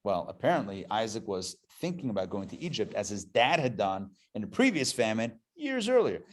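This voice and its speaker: A man, a rabbi, teaching a live adult class in a playful, animated way, full of jokes and rhetorical questions. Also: on the low side, brisk. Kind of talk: live adult education lecture.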